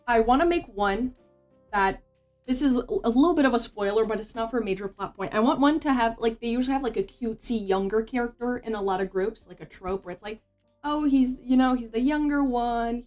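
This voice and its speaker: A woman's voice: on the high side, darkish tone. Vtuber girl yapping while drawing, slangy and sweary, says bro a lot, faint music in the back. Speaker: VTuber streamer. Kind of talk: casual commentary while drawing.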